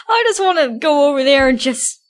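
A woman's voice: high-pitched, sing-song, moderate pace. Playful giggly podcast co-host woman. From New Jersey. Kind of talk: casual podcast chat.

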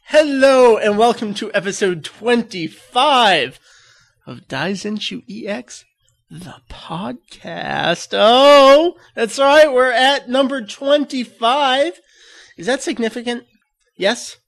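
A man's voice: very high-pitched, slow, a bit bright. A man hosting a casual podcast chat, goofy and laughing often. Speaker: podcast host.

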